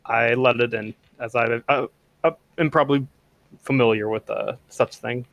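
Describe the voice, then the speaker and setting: A man's voice: medium pitch, steady tone, gravelly, fairly bright tone, dry recording. A man playing a tabletop game, speaking hesitantly as a player. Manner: slow, hesitant. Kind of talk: tabletop role-play.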